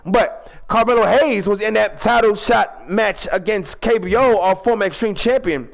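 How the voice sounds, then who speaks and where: A man hosting a fan-made video-game wrestling show, rambling in casual chat and breaking into drawn-out ring-announcer calls. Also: high voice, creaky. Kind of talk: casual hosted recap with announcer flourishes.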